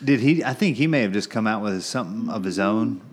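Laid-back middle-aged man, lively pitch. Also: fairly quick. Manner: laid-back, laughs often, dry jokes. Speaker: podcast host. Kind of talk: casual podcast chat.

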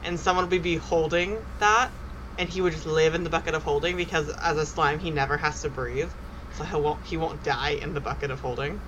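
A woman in casual chat, giggling often and telling stories quickly. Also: low-pitched, fairly even intonation, fairly bright tone, muffled recording, a little hiss or hum.

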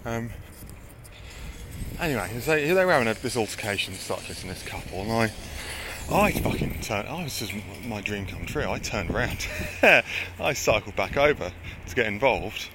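A man spins a casual, rambling anecdote, swearing freely and laughing along the way. His pitch jumps around a lot as he talks, and faint noise hums under the recording. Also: lively intonation, moderate pace. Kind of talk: casual storytelling chat.

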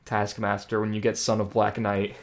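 A man's voice: lowish voice, monotone, moderate pace. A young man co-hosting a podcast in casual chat, talking with enthusiasm and swearing often. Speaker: podcast co-host.

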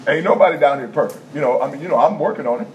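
Speaking at a racing pace in a slightly high voice, a male preacher in a prison chapel circles back on his phrases in a folksy sermon that rises to emphatic bursts. The dull lo-fi recording carries faint room ambience and a little hiss or hum.

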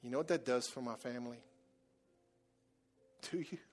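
A middle-aged man preaching a sermon, dropping to a quiet confessional murmur and then building to loud exhortation. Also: mid-range voice, normal speed. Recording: soft music behind.

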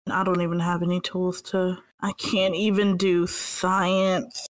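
A woman's voice: fairly low pitch, flat delivery, measured pace. A woman playing a tabletop game, anxious and fretting, often stammering. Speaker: player. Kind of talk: tabletop role-play.

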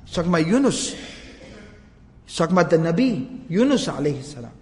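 A man's voice: fairly high pitch, sing-song, fairly quick, long reverb tail. A man giving a religious history lecture, animatedly retelling a story, reciting Arabic lines and translating them, repeating phrases for emphasis.

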